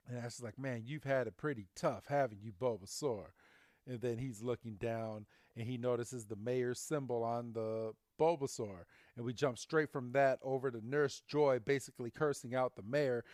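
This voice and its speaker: A man's voice: medium pitch, moderate pace, no echo, clean studio sound. A man co-hosting a podcast, casually recapping a cartoon episode and animatedly acting out the characters' lines. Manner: animated retelling with silly quoted voices. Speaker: podcast co-host.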